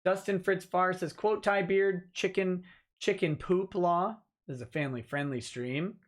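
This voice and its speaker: A man's voice: high-pitched, steady tone, a little slow. A man hosting a casual livestream, reading viewer comments aloud and giving dry, offhand answers as a lawyer. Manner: dry, offhand replies to chat.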